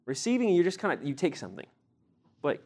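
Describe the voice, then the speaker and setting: A young man teaching a sermon to a group, animated, acting out everyday scenes and quizzing his listeners. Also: fairly high pitch, fast, gravelly. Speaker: youth teacher.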